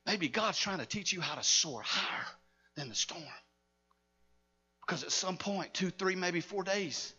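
A man preaching a sermon as pastor, telling a story dramatically and swinging from shouts to near-hushed lines. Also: sits high, unhurried, long pauses, husky. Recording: dull lo-fi sound with long hall reverb.

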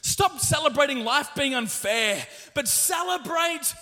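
Very high-voiced, energetic male preacher. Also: measured pace. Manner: energetic, exclaiming, leading the congregation. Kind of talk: sermon. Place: church sanctuary. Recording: long hall reverb with faint music.

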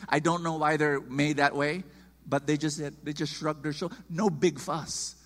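A man preaching a sermon, emphatic and animated, acting out quoted voices. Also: a little high, unhurried, big-room sound.

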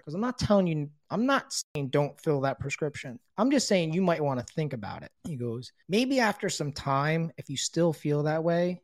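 Speaking in a mid-range voice with no echo, a middle-aged man recounts his recovery openly. Profanity comes often, he performs others' words as dialogue, and emotional stretches make him quiet and subdued.

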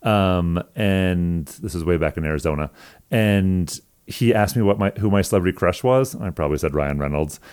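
A man's voice: sits low, normal speed, a little mellow, clear, resonant tone. A man in his twenties in a casual chat, telling rambling, self-deprecating stories full of "like.". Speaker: guest sharing stories.

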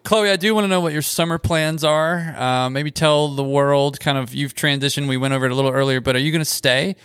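A man hosts a casual podcast interview with a smooth, resonant voice. He is easygoing and chimes in often. The sound is dry and close. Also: on the high side, a little fast, fairly bright tone, dry recording. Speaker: podcast host. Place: booth in a lodge bar.

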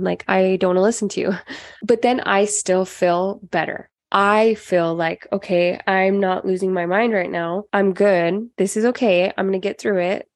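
A woman in her twenties or thirties, hosting a motivational self-help podcast in an energetic, chatty manner with plenty of "like" fillers. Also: mid-range voice, dry recording. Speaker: podcast host.

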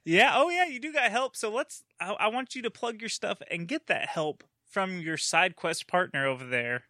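Podcast host guy, bright higher voice, laughs a lot, dry close sound. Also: expressive, moderate pace, no echo. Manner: laughs often, wraps up the show. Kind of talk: casual chat.

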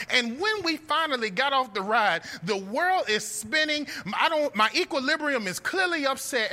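A young man preaching a sermon, telling a story with animated delivery and calling his listeners friends. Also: very high-pitched, moderate pace, few pauses.

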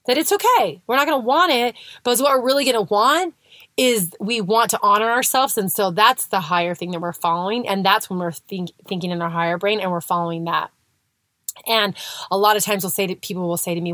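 A middle-aged woman talks through her coaching advice in a casual, chatty way. Her pitch sits in an ordinary middle range. The recording is close and dry, with no room sound. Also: fairly quick, fairly bright tone, no room sound. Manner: chatty, conversational, lots of "like" and "right?". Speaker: weight-loss coach. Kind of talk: casual motivational talk.

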